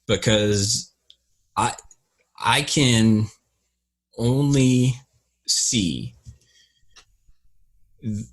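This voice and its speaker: A deep-voiced man with a husky, breathy edge talks through a film in casual podcast chat. He speaks slowly and builds his points step by step in a measured, reflective way. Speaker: podcast co-host.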